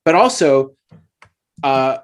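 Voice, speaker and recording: A man's voice: mid-range voice, animated, slow pace. A man in his forties co-hosting a podcast, telling movie memories in casual chat with frequent stammering restarts. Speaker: podcast co-host.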